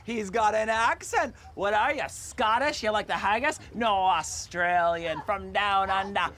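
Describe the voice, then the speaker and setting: An actress playing a chatty, teasing small-town neighbor. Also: female voice, mid-range voice, fairly bright tone, a little hiss or hum, lightly acted. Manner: teasing, folksy, drawn-out.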